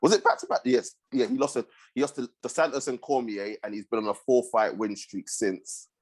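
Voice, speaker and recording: A man hosting a sports podcast, talking in a relaxed way with frequent fillers. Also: mid-range voice, fairly quick. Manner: relaxed, hesitant with fillers, agreeable. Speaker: podcast host. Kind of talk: casual chat.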